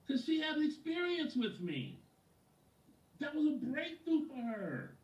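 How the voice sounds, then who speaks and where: Animated man coaching a sales team. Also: very high voice, a little slow. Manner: animated storyteller, acts out quotes, addresses a listener by name. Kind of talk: lively motivational training talk. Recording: roomy echo from a distant mic.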